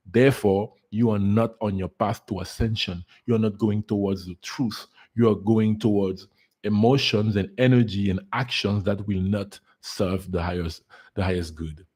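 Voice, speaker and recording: A man with a husky, slightly breathy voice gives a casual livestream talk as a spiritual coach. He talks earnestly, loops back on his words and repeats them for emphasis. His pitch sits in a middling range. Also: darkish tone. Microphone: solo live stream setup.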